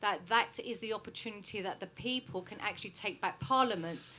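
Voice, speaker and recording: A woman in the audience asks a question, hesitant and filling her pauses with "um". Her voice is bright and of middling pitch. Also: a little hiss or hum. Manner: hesitant, with many fillers. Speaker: audience member asking a question.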